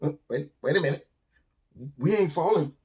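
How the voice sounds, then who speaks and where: A man voicing a group of frightened little forest animals who plead and shout in a storybook tale. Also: high voice, animated, moderate pace, creaky, slightly rough, heavily acted. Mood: relieved. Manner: panicky, pleading, then cheering.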